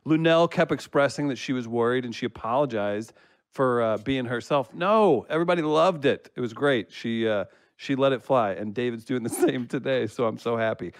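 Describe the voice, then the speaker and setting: A man's voice: medium pitch, normal speed, no echo. A man hosting a casual chat show, reading listener comments aloud and laughing often. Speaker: host.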